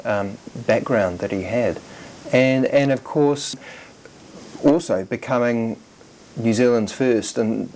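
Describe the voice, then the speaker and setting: An interviewer asking questions in an oral history interview, speaking haltingly with many repeated words. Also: medium pitch, darkish tone, a little hiss or hum, poor audio.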